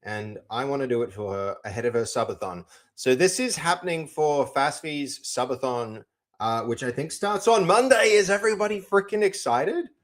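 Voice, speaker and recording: A young man on a live stream works on code and talks loosely to his audience, rambling, responding to chat and starting over frequently. He has a mid-range voice at normal speed.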